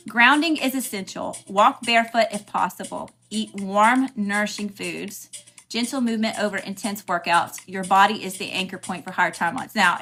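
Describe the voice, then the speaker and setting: A woman's voice: mid-range voice, sharp tone. A woman hosting a spiritual livestream, chatting casually and greeting viewers by name.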